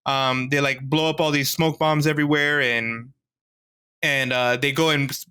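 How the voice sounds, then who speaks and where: A man co-hosting a podcast, recapping a series in an animated, excitable way. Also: medium pitch, normal speed, clean tone. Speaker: podcast co-host. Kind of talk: casual show review chat.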